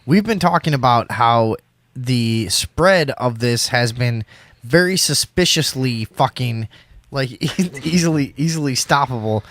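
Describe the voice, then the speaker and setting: A man's voice: medium pitch, animated, measured pace, fairly bright tone. Rambling, swearing talk show host, a man. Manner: rambling, many restarts. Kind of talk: casual call-in talk, swearing.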